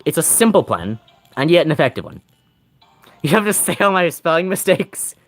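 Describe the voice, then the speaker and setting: A man's voice: fairly high pitch, sing-song, normal speed, fairly bright tone, soft background music. A man streaming a game, chatting casually with his chat, rambling and joking with frequent laughter. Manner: rambling, jokey, laughs often. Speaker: gaming streamer.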